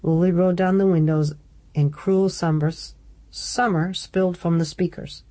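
A woman narrating a novel in a low, mellow voice. She reads the story steadily and gives each character a slight shift in voice. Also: fairly even intonation, moderate pace. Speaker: audiobook narrator. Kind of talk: scripted narration.

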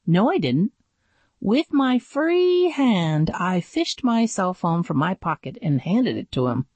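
A woman reading a first-person adventure story aloud with dramatic, expressive narration. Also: mid-range voice, slow, dry recording. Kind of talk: audiobook narration.

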